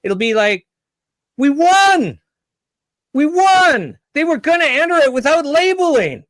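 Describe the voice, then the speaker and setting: A man's voice: high-pitched, flat delivery, moderate pace, fairly bright tone, clean tone, dry recording, voice pushed up. A man putting on the voice of a gullible, overjoyed citizen cheering a hollow win, in mocking, giddy sarcasm. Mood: giddy mock triumph.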